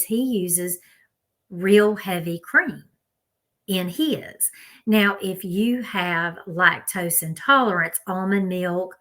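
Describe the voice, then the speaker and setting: A woman's voice: mid-range voice, a bit bright. A woman with a Southern US accent, talking casually and directly to her viewers as she runs through food advice. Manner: chatty, direct, talks to viewers as "y'all". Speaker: health vlogger.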